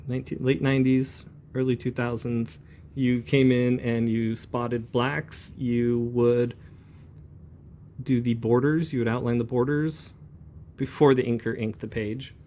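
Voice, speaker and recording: Mellow-voiced man talking through inking. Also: mid-range voice, normal speed, a little hiss or hum. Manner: relaxed, rambling, calm and chatty. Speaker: comic book inker. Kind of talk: talking while demonstrating brush inking.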